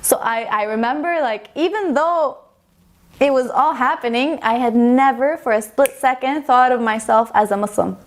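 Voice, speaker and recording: Woman, 30s, from Estonia; casual emotional testimony, gravelly fry. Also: high voice, moderate pace. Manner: emotional, animated, acts out quoted dialogue. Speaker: convert telling her story. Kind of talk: personal testimony, casual storytelling.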